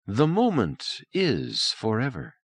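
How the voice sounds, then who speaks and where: A man voicing a gentle, childlike young empress in a storybook, speaking softly with a lilting, raised pitch. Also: wildly swooping pitch, slow pace, husky, no room sound, clean studio sound, full character voice.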